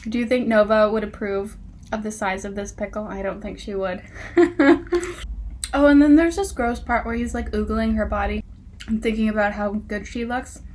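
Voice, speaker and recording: A woman's voice: mid-range voice, steady tone, normal speed, long pauses, darkish tone, slight background noise. A woman casually reviewing a book, reading passages aloud and mocking them with exasperated, sarcastic asides and frequent laughter.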